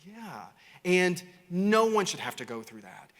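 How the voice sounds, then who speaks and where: A man with a Kentucky Southern accent giving an animated keynote talk, telling stories to a crowd and calling them y'all. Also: sits high, unhurried. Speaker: keynote speaker. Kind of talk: energetic keynote storytelling. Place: large conference stage. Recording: reverberant conference hall.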